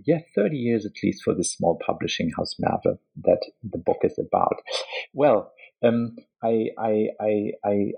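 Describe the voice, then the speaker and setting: Guy, author, husky gravelly voice, thinks out loud and restarts a lot. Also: fairly low pitch, low-quality recording. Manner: thoughtful, hesitant, restarts often. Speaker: author being interviewed. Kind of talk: academic interview.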